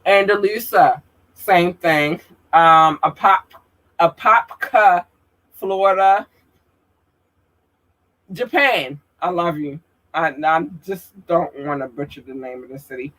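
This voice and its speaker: Slow, careful woman podcast host. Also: fairly low pitch, a bit bright. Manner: slow, careful, apologetic about pronunciation. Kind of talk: reading out listener locations.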